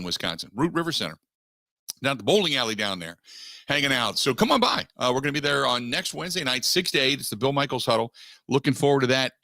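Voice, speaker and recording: A man hosting a sports talk radio show, riffing animatedly and mock-quoting others in quick asides. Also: medium pitch, sharp tone, dry recording, studio quality.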